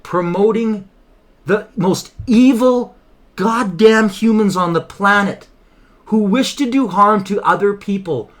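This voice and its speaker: Impassioned higher-voiced man. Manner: impassioned, emphatic, repeats himself. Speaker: channel host. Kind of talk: political commentary monologue.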